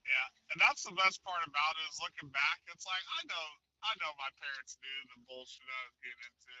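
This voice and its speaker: A man's voice: on the high side, brisk, pushed and bright, no room sound. A man co-hosting a podcast, chatting in a laid-back, agreeing, casually profane way. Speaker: podcast co-host. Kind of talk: casual chat. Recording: dull lo-fi dry recording.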